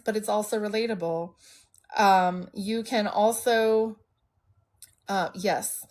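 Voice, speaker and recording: Blunt, emotional woman streamer. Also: mid-range voice. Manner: open and emotional, speaks bluntly. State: congested from allergies. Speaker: livestream host. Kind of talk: candid personal storytelling.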